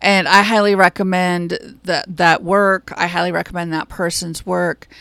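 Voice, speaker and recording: A woman hosting a solo podcast, speaking in a calm, measured and reassuring way. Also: lowish voice, gravelly, dry recording. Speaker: podcast host. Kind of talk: reflective solo podcast talk.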